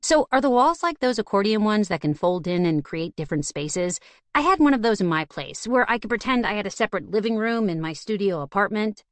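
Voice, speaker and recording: A woman's voice: medium pitch, lively intonation, brisk, no room sound, voice pushed up, lightly acted. A woman voicing a young, wisecracking heroine who talks casually and asks blunt questions. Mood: wry.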